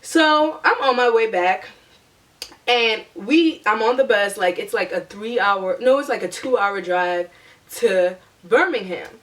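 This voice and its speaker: A young woman vlogger telling a storytime in a chatty, animated way, acting out her own past lines. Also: medium pitch, a little slow, distant mic. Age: young adult. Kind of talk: storytime vlog.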